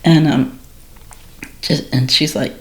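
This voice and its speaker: Low-voiced woman telling her story frankly. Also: takes it slowly. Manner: dark humor, acts out quoted exchanges with lively pitch jumps. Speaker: guest sharing her story. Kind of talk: candid conversational storytelling.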